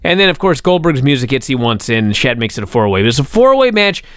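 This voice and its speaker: A man's voice: mid-range voice, fast talker, smooth, no echo, clean studio sound. A man co-hosting a casual podcast, telling stories with lots of swearing and acting out quotes. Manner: animated, profane storytelling, acts out quotes. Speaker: co-host.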